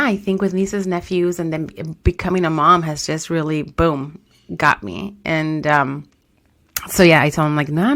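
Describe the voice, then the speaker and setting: A woman co-hosting a podcast, telling an animated story, acting out quotes and laughing often. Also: on the low side. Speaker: podcast co-host. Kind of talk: casual chat.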